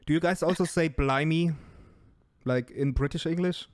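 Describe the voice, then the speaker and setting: A man's voice: on the high side, moderate pace, dry recording, clean studio sound. A man hosting a casual group call, asking questions in a playful, teasing way. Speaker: host. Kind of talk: casual chat.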